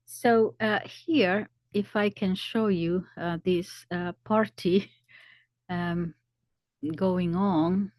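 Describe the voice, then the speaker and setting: A woman commentator explaining events slowly, often pausing to search for words. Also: on the low side, a little mellow, dry recording. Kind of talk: commentary video.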